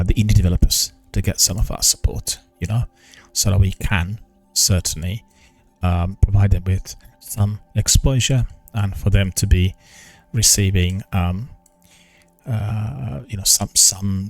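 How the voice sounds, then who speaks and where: An older man talking on a live stream, slow and halting, with many pauses and restarts, careful formal pronunciation. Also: sits low. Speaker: gaming news streamer. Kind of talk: casual live-stream chat.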